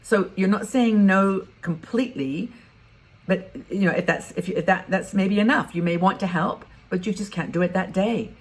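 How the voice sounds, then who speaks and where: Giving advice to retired women in a laid-back vlog, a woman in her sixties speaks at a normal speed with medium pitch. She's conversational and candid, musing aloud.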